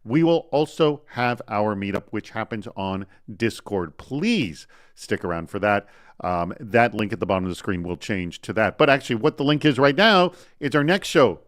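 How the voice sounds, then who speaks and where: A man hosting a live online talk show, chatty and energetic as he runs through announcements and introduces guests. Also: mid-range voice, no room sound.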